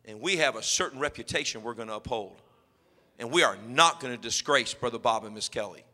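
A man's voice: medium pitch, brisk, bright, forceful tone, pitched below the performer's own voice. A man playing a stern teenage boy who bluntly threatens his peers into behaving. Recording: long hall reverb.

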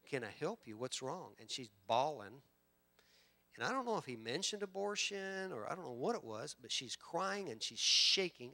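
A man preaching a sermon, swinging from loud emphatic bursts to hushed storytelling. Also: mid-range voice. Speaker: pastor.

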